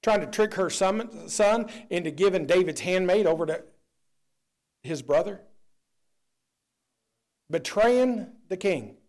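A man preaching a sermon, swinging between loud declarations and low, quiet asides. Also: lively intonation, slow pace, pauses often.

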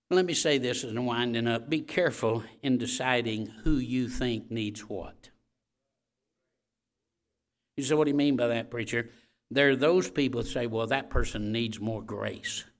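A preacher delivering a sermon, rising to loud emphatic points and checking in with "all right?" before easing into a quiet closing prayer. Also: male voice, mid-range voice.

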